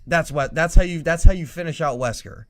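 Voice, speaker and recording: A young man co-hosting a casual podcast, talking in an animated, profane way and mocking lines as he retells scenes. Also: fairly high pitch, brisk, slight background noise. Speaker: podcast co-host.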